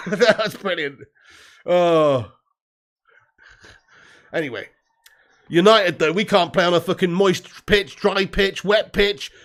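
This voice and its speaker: Man, live football watch-along host, high-pitched voice, excitable, swears a lot, laughs often.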